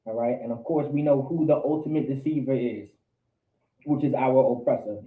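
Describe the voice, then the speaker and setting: A man's voice: medium pitch, normal speed. A man leads a Bible study, firing questions at his students and hammering points home through repetition. His voice comes through thin and tinny, like over a phone line, and echoes around a room. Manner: quizzes students, repeats for emphasis. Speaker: Bible class teacher. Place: indoor meeting room with a class.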